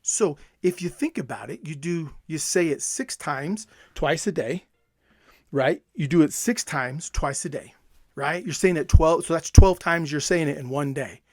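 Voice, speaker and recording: Emphatic motivational coach, fairly high voice. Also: male voice, a little slow, no echo, studio quality. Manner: energetic, emphatic, repeats phrases for effect. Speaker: self-help coach. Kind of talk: motivational talk.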